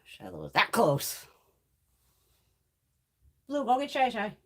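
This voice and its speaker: A woman's voice: fairly high pitch, very animated, a little slow, long pauses, husky. A woman hosting a casual makeup livestream from home, chatty and salty, swearing freely and cooing at her cats. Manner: coos in baby talk at her cats. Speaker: beauty livestream host.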